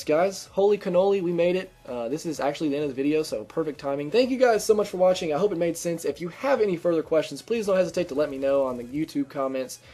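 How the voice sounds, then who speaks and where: Chatty gaming youtuber guy, kinda high voice, upbeat, rambles with ums over his gameplay. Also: dark tone. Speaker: gaming YouTuber giving channel tips. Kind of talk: casual gameplay commentary.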